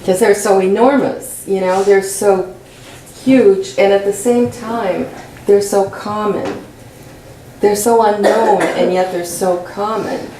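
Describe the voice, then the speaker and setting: A woman poet answering audience questions after a reading in a college lecture room, thoughtful and searching for words, a bit hoarse as she is losing her voice. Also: mid-range voice, fairly even intonation, slow pace, dark tone, a little hiss or hum. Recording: echoey room, mic at a distance.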